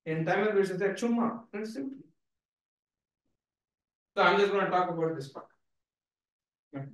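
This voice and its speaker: A man giving an animated, playful seminar lecture, emphatic and full of repeated "right?" tags. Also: high-pitched, normal speed. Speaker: guest speaker. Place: lecture hall. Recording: echoey hall from a distance.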